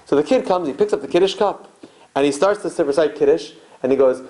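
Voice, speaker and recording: High-voiced animated rabbi lecturing. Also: male voice, fast, rough recording. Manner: animated, repeats phrases, asks rhetorical questions. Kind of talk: Torah lecture to a live audience. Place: synagogue hall.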